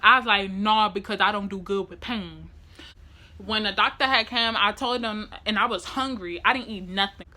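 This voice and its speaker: A young woman, telling a personal story in an animated, demonstrative way. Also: mid-range voice, normal speed. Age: young adult. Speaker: vlogger. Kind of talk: emotional storytime.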